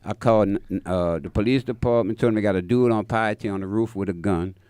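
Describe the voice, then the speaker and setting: Dude rattling off a crazy story on a radio show, fast, super animated, dry studio sound. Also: male voice, on the low side, smooth, dry recording. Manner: animated, acts out quoted voices, laughs mid-story. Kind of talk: casual profane storytelling. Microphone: studio mic.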